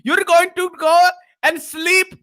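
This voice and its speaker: A man's voice: very high-pitched, level tone, slow pace, bright, forceful tone, voice pushed up, exaggerated voice. A man putting on the voice of a betrayed husband who protests indignantly. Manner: pleading, indignant.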